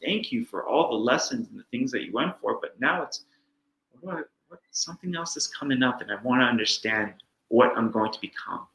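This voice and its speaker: A man's voice: medium pitch, animated, a little fast, gravelly, a bit bright, reverberant, poor audio. A man chatting as a show guest, earnest and reflective, sometimes acting out little inner voices. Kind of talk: casual chat.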